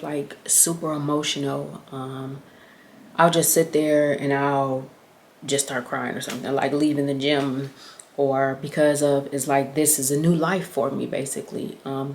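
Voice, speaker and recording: Low-voiced young woman vlogging, earnest and rambly, lots of ums. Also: darkish tone, a little hiss or hum. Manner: earnest, reflective, rambling with many fillers. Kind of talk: casual advice chat.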